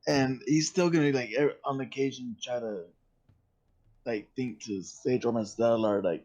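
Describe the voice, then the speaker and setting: A man playing in a tabletop game, speaking in a hesitant, halting way with restarts. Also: mid-range voice, darkish tone, dull audio. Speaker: player. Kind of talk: casual chat at a tabletop game.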